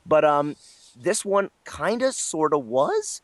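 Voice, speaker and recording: A man's voice: a little high, wildly swooping pitch, slow. A man guesting as a voice actor, telling a casual, rambling anecdote with lots of fillers and self-deprecating asides. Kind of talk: casual storytelling interview.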